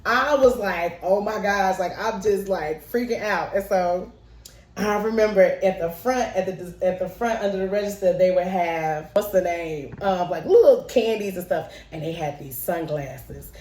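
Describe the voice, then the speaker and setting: A woman's voice: medium pitch, measured pace, echoey room, recorded from a distance. Playful woman telling stories. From Chicago, South Side. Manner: playful, lively, acts out voices and laughs often. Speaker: show creator telling a childhood story. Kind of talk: personal storytelling to camera.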